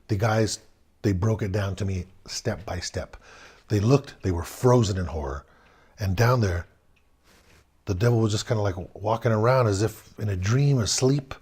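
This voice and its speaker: A man telling a spooky childhood story aloud, swinging between loud bursts and hushed tones. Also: lowish voice, normal speed, husky. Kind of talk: personal ghost story told aloud.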